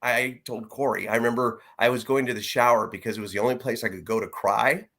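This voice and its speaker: Middle-aged male guest, earnest and reflective, mid-pitched voice, stops and restarts as he tells his story. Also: fairly even intonation, quick pace, fairly bright tone. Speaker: interview guest. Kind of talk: personal story in a conversation.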